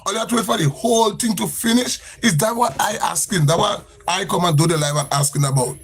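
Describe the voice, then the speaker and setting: A man's voice: high voice, fast talker. A man with a Grenadian accent ranting on a live social media stream, emphatic and repetitive, sounding exasperated.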